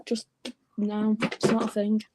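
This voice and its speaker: A woman's voice: mid-range voice, completely flat delivery, a little slow, crowd noise. A woman from England with a Liverpool accent, a guest on a livestream, chatting with a wry, teasing edge. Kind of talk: casual livestream chat.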